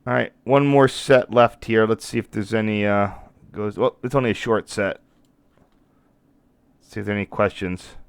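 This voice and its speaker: A man's voice: on the low side, steady tone, moderate pace, gravelly, pauses often, clean tone, no echo. A man hosting a live stream in casual commentary, rambling and breaking off mid-thought, apologizing now and then, a little worn in the voice. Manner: rambling, self-interrupting, apologetic. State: losing his voice.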